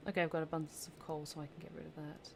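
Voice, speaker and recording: A woman streaming a game, chatting casually and excitably with her viewers and muttering as she sorts through items. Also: deep voice, rapid-fire, gravelly, a little hiss or hum. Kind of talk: casual let's-play commentary.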